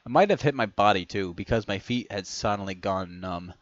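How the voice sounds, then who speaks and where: A man's voice: lowish voice, expressive, brisk, no echo, highs cut off. A man reading a first-person fan story aloud, who often stumbles and corrects himself as he reads. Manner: stumbling over words, self-correcting as he reads.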